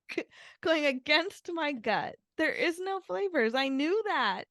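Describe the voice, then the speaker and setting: Lively, playful woman podcast host. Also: high-pitched, slow pace, no room sound, studio quality. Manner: playful and self-mocking, laughing a lot. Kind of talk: casual chat.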